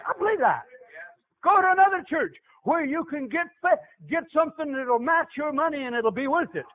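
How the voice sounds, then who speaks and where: A man's voice: extremely high pitch, animated, brisk. A middle-aged man preaching a sermon, with an emphatic, repetitive cadence. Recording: tinny phone-like lo-fi audio.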